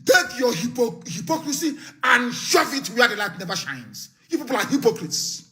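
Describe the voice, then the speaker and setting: A man's voice: very high voice, very animated, normal speed, sharp tone. A man giving a live political broadcast speech as an activist leader, fiery, scornful and emphatic, repeating his warnings. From Nigeria.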